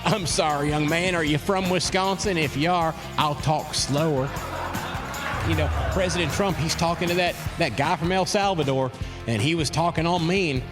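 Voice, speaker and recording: A man's voice: a little high, normal speed, lightly acted. A man doing a stand-up impression of a folksy, self-deprecating Midwestern politician, with music playing underneath. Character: comedian impersonating a folksy Midwestern governor.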